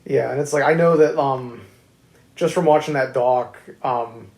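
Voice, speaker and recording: A man's voice: medium pitch, measured pace, a little mellow. A man hosting a podcast interview, asking long, hesitant questions with fillers. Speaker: podcast host. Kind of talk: casual interview chat. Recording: echoey room.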